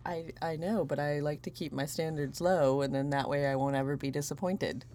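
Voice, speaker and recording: A woman's voice: low-pitched, level tone, fairly quick, mellow, slight background noise. A woman hosting a podcast in casual, comic chat, dry and self-deprecating and playing grumpy. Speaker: podcast host.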